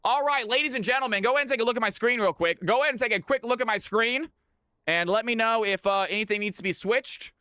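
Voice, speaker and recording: A man hosting viewer games on a live stream, talking excitedly and chatting with his audience. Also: extremely high pitch, quick pace, smooth, no echo, clean studio sound.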